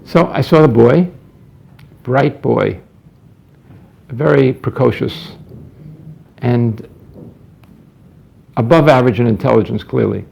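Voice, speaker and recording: A man's voice: mid-range voice, slow, gravelly, long pauses, darkish tone. A male psychologist telling a story from his practice, acting out the dialogue and often repeating words, in a dull lo-fi recording. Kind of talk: anecdotal storytelling talk.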